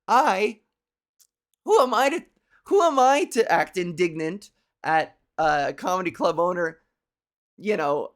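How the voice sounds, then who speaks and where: A woman in her thirties hosting a comedy show, rambling through a loose, profane monologue, laughing at her own jokes and putting on quick silly voices. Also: lowish voice. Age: 30s. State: hungover. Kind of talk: loose stand-up style monologue.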